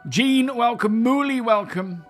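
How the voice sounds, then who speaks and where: A man's voice: extremely high pitch, measured pace, fairly bright tone, soft background music. A young man streaming a game, chatting casually and greeting his viewers by name. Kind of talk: casual live-stream chat.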